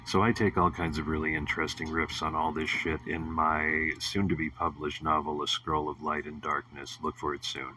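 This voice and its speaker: A man's voice: extremely low pitch, little pitch movement, normal speed, few pauses, sharp tone, slightly rough, no room sound, far from the mic. A man hosting a casual monologue show, rambling with many fillers and restarts, and cracking crude jokes. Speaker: host.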